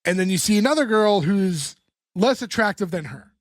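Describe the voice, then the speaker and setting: A man in his thirties co-hosting a podcast, recapping a sitcom episode in casual chat, animated and laughing, often swearing. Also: high voice, moderate pace, no echo. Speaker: podcast co-host.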